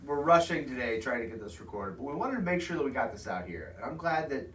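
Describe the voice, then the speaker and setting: Lively man co-hosting a podcast. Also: mid-range voice, fast, roomy sound, distant mic, slight background noise. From Indiana, USA. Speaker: podcast co-host. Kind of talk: casual chat.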